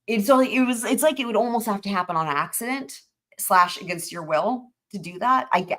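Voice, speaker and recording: A woman's voice: medium pitch, a bit bright. A young woman, hosting a trial recap channel and telling viewers a story in a chatty, gushing way, full of fillers and restarts.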